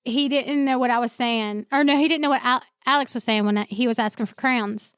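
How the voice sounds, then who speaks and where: A woman's voice: on the high side, a little fast, a bit bright, smooth, dry recording. A woman with an Appalachian accent, co-hosting a podcast and telling stories with frequent laughs. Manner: laughing storyteller. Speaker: podcast co-host. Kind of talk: casual chat.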